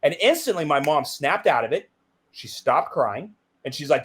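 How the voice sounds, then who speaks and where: A middle-aged man, a guest in an interview, telling a candid personal story and acting out the dialogue in it. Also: normal speed. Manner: animated, acts out quoted dialogue with big pitch jumps.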